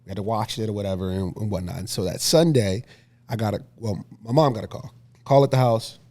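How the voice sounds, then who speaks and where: A man in his thirties from Philadelphia, speaking as a podcast guest. His voice sits fairly low, and he tells his story with animated energy, laughing and acting out the scenes. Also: a little fast. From Philadelphia, USA. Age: 30s. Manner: lively, laughing storyteller who acts out scenes. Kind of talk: casual storytelling interview.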